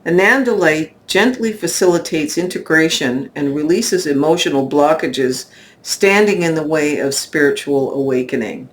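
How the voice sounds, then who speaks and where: Woman doing her weekly tarot reading, talks real slow n thoughtful, bit of hiss behind. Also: sits low. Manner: slow, reflective, spiritual delivery. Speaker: tarot reader.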